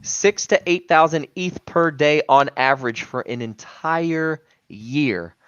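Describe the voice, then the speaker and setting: A man's voice: fairly high pitch, slow, a bit bright, smooth, dry recording, highs cut off. A man co-hosting a casual crypto livestream, talking emphatically and saying "man" often. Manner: emphatic, says "man" a lot.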